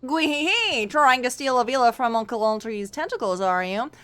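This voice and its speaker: Give me a theatrical cackling male octopus villain, played by a woman, high and gleeful. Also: lively intonation, moderate pace, sharp tone, smooth, soft background music. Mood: gloating.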